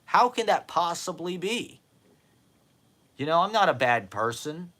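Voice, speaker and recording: A man's voice: on the high side, sing-song, unhurried, sharp tone. A man in his forties from the United States, rambling in a self-deprecating, profane monologue and laughing often, at times drifting away from the mic.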